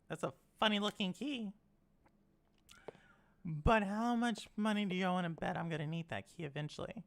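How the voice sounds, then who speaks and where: A woman's voice: fairly low pitch, normal speed, creaky, long pauses. A woman streaming a video game, rambling casually, saying "like" a lot and teasing her chat. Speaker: gaming streamer.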